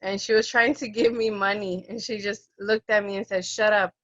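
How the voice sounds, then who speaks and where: A young woman who cares for people at the end of life shares a personal story, animatedly acting out the voices of those involved. Her medium-pitched voice moves at a moderate pace, and the lo-fi recording is dull and dry with no room sound.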